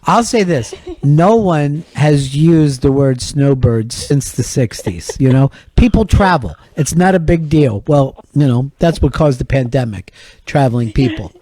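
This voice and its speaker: A man's voice: mid-range voice, lively intonation, measured pace, hardly any pauses, dark tone, no room sound. A middle-aged man hosting a comedy radio show, blunt, profane and mocking. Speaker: radio host.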